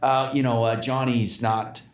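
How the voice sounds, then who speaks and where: A man's voice: medium pitch, little pitch movement, unhurried. A man talking as a podcast guest, telling stories in a rambling way with many fillers and restarts. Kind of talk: casual conversation. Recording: roomy echo.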